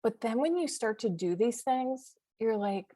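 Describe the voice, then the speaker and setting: A woman's voice: on the high side, animated, unhurried, mellow, no echo, clean studio sound. A middle-aged woman from the US East Coast, chatting enthusiastically as a podcast guest, listing examples with frequent fillers. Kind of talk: casual interview chat.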